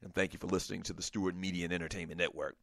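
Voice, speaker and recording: A man's voice: deep voice, little pitch movement, very fast, gravelly, fairly bright tone. A man hosting a casual talk show, emphatic and repetitive, half joking with laughs between his points. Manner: emphatic, preachy, repeats himself. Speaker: podcast host.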